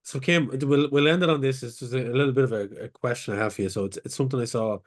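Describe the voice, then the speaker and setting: A man's voice: mid-range voice, quick pace. A man co-hosting a podcast, putting an easygoing question to his co-hosts in casual chat. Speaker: podcast co-host.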